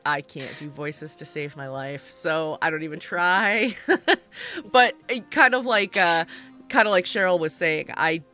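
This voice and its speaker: Bright, giggly woman host. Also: on the low side, lively intonation, a little slow, faint music behind. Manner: easygoing, giggly, loose filler-heavy talk. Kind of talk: hosting a panel discussion.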